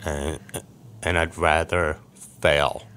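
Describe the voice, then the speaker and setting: A man, a podcast guest, telling his life story in a lively way and acting out the voices of people he quotes. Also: rumbling low, drawn-out words, slight background noise. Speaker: podcast guest, sports agent. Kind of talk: storytelling interview.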